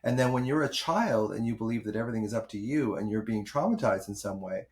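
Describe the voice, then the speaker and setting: A man's voice: lowish voice, quick pace. A man hosting a podcast as a doctor, explaining things thoughtfully with small restarts. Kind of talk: podcast conversation.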